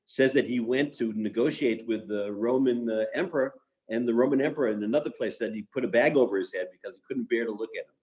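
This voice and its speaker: A man's voice: medium pitch, quick pace, a little mellow. A man teaching a lesson on Talmud stories in a conversational way, with filler words and restarts.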